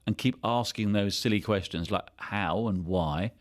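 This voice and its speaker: A man's voice: on the low side, unhurried. An English man in his fifties, a company CEO telling his career story as a podcast guest in a chatty, anecdotal way. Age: 50s.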